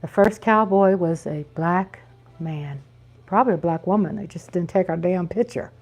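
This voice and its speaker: A woman's voice: lowish voice, normal speed, darkish tone, faint music behind. A middle-aged woman from Texas with a Texan accent, hosting a casual live chat and talking folksy and chatty straight to her viewers. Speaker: livestream host.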